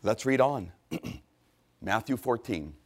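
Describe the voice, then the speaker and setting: A middle-aged man preaching a sermon, fervent and rising to loud, emphatic peaks. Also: fairly low pitch, expressive, slow.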